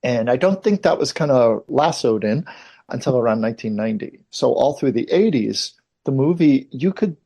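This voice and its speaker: A man in his fifties speaks as an interview guest, at a plain middle pitch. He wanders through long memories in loose, conversational sentences. His talk is full of little asides and restarts as one story leads into the next. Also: expressive, moderate pace, warm tone, breathy edge. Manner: rambling anecdotal storyteller, many asides. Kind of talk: casual interview chat.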